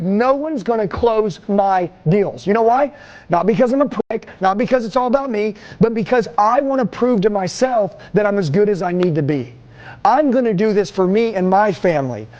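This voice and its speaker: High-pitched, aggressive motivational speaker man. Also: darkish tone, dull audio. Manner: aggressive, profane, confrontational. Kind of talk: shouted motivational speech to a live audience. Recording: music playing underneath.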